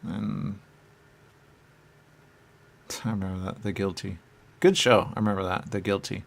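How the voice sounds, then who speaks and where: Gravelly low man rambling hesitantly. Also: steady tone. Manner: halting and hesitant, trailing off into fillers; springs into high voices for quoted lines. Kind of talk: rambling first-person channeling talk.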